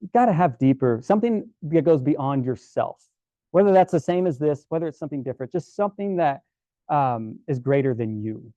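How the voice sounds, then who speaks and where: A man giving a casual storytelling presentation to a club, relaxed and chatty with many fillers and restarts. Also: a little high, a little fast, dry recording, muffled recording. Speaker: guest presenter at a camera club.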